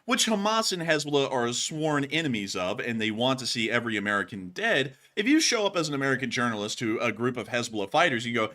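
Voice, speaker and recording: Male show host, bright and forceful, casual opinionated commentary, talks in run-on sentences full of fillers. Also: mid-range voice, fast talker, few pauses. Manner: rambling, heavy use of "like" fillers; opinionated and animated.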